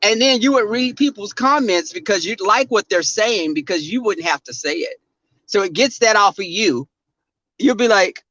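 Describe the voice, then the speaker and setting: A Texas livestream host with a Southern drawl rants outdoors in the cold, brash, profane, and sassy. His high voice is sharp, with lively intonation and a moderate pace, and the recording sounds dull and dry.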